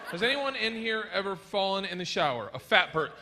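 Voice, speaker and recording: Loud animated guy doing stand-up, high bouncy voice, noisy club recording. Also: fairly quick. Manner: animated, loud, laughs through his lines. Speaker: stand-up comedian. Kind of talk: stand-up comedy set. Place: comedy club stage.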